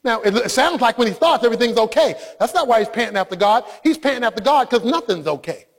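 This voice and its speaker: High-voiced husky male preacher. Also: expressive, fast. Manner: impassioned, often rising to shouting. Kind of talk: sermon.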